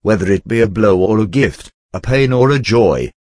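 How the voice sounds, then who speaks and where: A man with a fairly low voice reads a religious essay aloud in a measured, deliberate way. He quotes scripture verses one after another. The sound is dry and close, with no room around it. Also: animated, darkish tone, dry recording. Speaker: reader of a theological essay.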